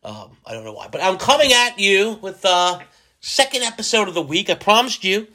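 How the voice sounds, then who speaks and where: Bright-voiced guy rambling on his podcast, jokey, slightly high voice. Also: sing-song, moderate pace. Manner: chatty, jokey, acts out little imagined dialogues. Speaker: podcast host. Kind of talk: casual solo podcast monologue.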